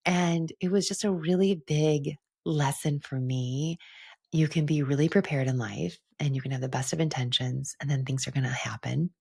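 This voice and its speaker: Low husky woman, heartfelt podcast host. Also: a little fast, darkish tone. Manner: earnest, heartfelt, with frequent "like" fillers. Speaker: podcast host and retreat leader. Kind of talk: reflective solo podcast monologue.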